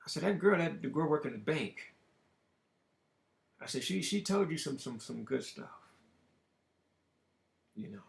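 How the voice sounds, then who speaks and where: High, lively, gravelly-voiced man. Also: a little slow, pauses often. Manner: profane, emphatic, talks in bursts. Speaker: show host. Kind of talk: casual storytelling monologue. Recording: roomy echo.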